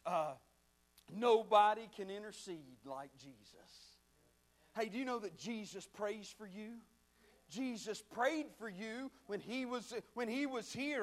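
A man preaching a sermon with fervent swings from shouting to hushed near-whispers, talking straight to his listeners. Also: very high-pitched. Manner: conversational, addresses listeners as friend.

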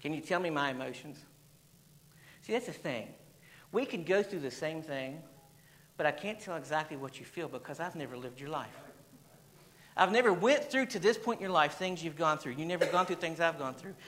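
A man's voice: a little high, animated, a little fast, fairly bright tone, poor audio. A man preaching a sermon in a church, repeating phrases and firing questions at the congregation, with a storytelling manner. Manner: storytelling, reading an anecdote aloud. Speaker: pastor.

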